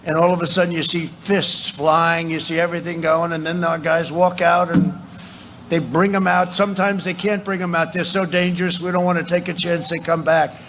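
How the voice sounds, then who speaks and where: A man speaks at a rally in a fairly high voice for a man, looping back over the same points and drifting into asides. He raises his voice to a shout on his key lines. He speaks into a podium microphone with a faint hum of noise around him. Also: level tone, moderate pace. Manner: repetitive, rambling with asides, bursts into shouts. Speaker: politician addressing a rally. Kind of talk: rally speech. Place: large rally venue.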